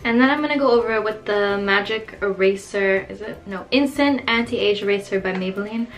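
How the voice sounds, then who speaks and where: A woman's voice: mid-range voice, brisk, faint music behind. A woman narrating a makeup tutorial step by step in a matter-of-fact way. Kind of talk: instructional narration.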